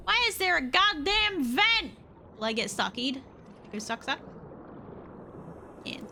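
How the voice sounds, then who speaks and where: A young woman streaming a game, chatting to herself and yelling and swearing at the creatures on screen. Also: sits high, slow pace, slight background noise. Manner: expressive, swears and yells at the game. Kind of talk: casual gameplay commentary.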